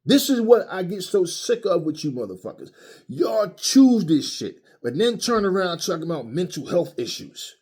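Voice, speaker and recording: Angry, husky-voiced man ranting. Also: high-pitched, big pitch swings, moderate pace, darkish tone. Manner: angry, profane, mocking. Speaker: boxing commentary channel host. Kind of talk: heated opinion rant.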